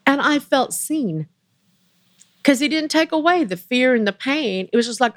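An older woman, a guest in an interview, telling a personal story with deep emotion and quoting others as she goes. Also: normal speed, dry recording. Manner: earnest, emotional, quotes others in lively voices.

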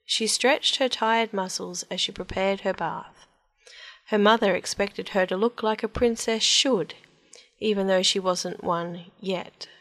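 A woman's voice: medium pitch, fairly bright tone. Woman reading a storybook aloud.

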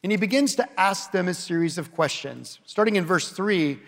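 A man preaching an expository sermon, slowing down and dropping his voice for emphasis. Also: high voice, lively intonation, creaky, long reverb tail. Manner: varies pace and loudness for emphasis.

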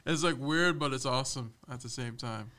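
A young man appears as a podcast guest, chatting casually and animatedly in a medium-pitched voice at normal speed. He tells stories, laughs often, and loudly mimics his boss and others.

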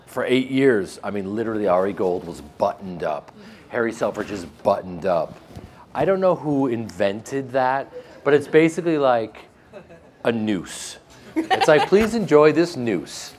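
A man with a flat Midwestern American accent, interviewed about his acting work, joking and self-deprecating with frequent restarts. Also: fairly low pitch, slight background noise. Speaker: actor interviewed. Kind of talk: casual interview chat.

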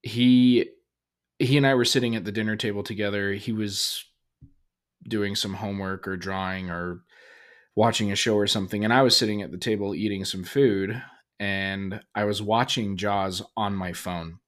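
A man in his thirties with a fairly low voice hosts a casual solo podcast. He tells a family story in a loose, rambling way, full of fillers and restarts. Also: fairly even intonation, moderate pace, fairly bright tone. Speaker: podcast host.

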